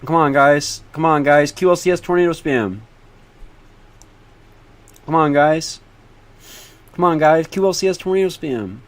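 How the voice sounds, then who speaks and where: A teenage boy talks to his chat while tracking storms, begging them over and over to stay and swearing as he goes. His voice sits a little high for a guy, and he jumps into excitable bursts whenever something shows up on radar. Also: measured pace, pauses often. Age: teens. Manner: pleading, whiny, repeats himself over and over. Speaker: livestream host tracking storms. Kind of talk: casual livestream commentary to chat.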